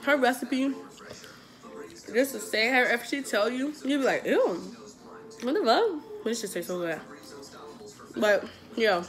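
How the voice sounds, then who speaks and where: A young adult woman vlogger telling a casual storytime while eating, animated and profane, laughing often. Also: a little high, unhurried, pauses often.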